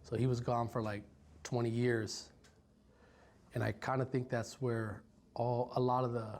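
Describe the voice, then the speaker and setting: A man in his forties from Stockton, California, recounts his life in an interview. He speaks in a halting, reflective way with frequent ums and restarts, and his mid-range pitch barely rises or falls. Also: flat delivery, a little mellow. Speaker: violence prevention worker. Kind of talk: personal story told in an interview.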